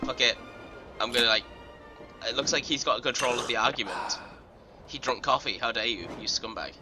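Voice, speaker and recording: A young man giving casual, excitable let's play commentary, swearing and giggling often. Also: medium pitch, moderate pace. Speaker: gaming YouTuber. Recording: game music under voice.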